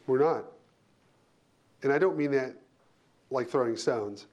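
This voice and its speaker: A man's voice: medium pitch, slow pace, a little mellow, dull audio. Punchy, emphatic male HR leader. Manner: emphatic, punchy short phrases with repetition. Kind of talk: speaking as guest on a panel.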